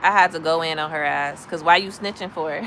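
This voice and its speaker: A woman from Chicago chatting to her live stream, telling blunt, animated stories in a casual, gossipy way. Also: low-pitched, a little fast, a little hiss or hum, low-quality recording. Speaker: livestream host. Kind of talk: casual storytelling to live chat.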